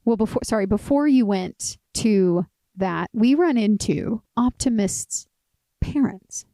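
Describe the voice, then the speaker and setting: A woman's voice: mid-range voice, slow pace, dry recording. A woman co-hosting a podcast in casual chat, telling a story with animation and frequent laughter. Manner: animated storytelling, laughs often, acts out quoted voices. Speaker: podcast co-host.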